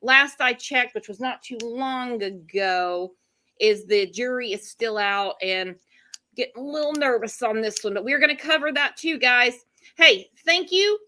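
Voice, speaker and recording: A woman's voice: on the high side, lively intonation, pushed and bright. A woman hosting a true-crime live stream, chatting casually with guests and her chat audience. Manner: chatty, fast asides to chat. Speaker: livestream host.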